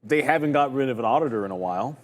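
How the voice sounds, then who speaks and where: A man co-hosting a live trading show, talking through chart setups in a chatty, joking way with quick asides. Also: medium pitch, lively intonation, big-room sound. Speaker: stock market show co-host.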